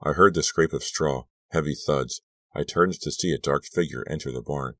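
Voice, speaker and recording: A man narrating an audiobook thriller in a steady, measured storytelling voice. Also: a bass voice, dry recording, clean studio sound. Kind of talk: scripted narration.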